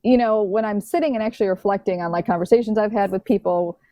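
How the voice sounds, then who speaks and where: A woman talks as a guest on a podcast, in a casual and emphatic way, repeating words when she starts over. Her voice is mellow, with a warm, soft colour. The sound is dry, with no room echo. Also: medium pitch, fast. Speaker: diabetes health coach, podcast guest.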